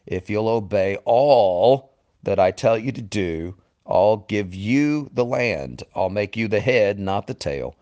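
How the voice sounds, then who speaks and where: A man delivering a sermon with a lowish voice. He is earnest and often sinks into a hushed, grave tone to drive a point home, speaking to the listener as a friend. The recording is dry and close, with no room sound. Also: no room sound. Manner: earnest, often drops low and quiet for emphasis, addresses listener as friend. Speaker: preacher.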